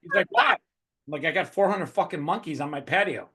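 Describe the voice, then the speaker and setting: A man's voice: fairly high pitch, a little fast. A man hosting a podcast, telling stories animatedly and swearing often in a casual conversation. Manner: animated profane storytelling. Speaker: podcast host.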